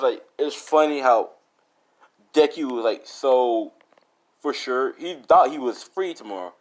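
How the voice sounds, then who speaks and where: A young man casually improvising a fan story, rambling and laughing at his own jokes. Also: lowish voice.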